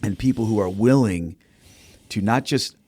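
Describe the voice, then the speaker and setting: A male host with a low voice leads a conversational interview. He is reflective and links the points his guest makes. The sound is dry and close. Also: moderate pace, darkish tone, breathy edge, no room sound. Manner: reflective, builds on the guest's story. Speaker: podcast host.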